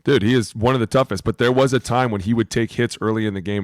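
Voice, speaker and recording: A man's voice: mid-range voice, fairly even intonation, fast talker, no room sound, studio quality. A man co-hosting a sports podcast, joking in laid-back banter and swearing casually. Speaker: podcast co-host, former lineman.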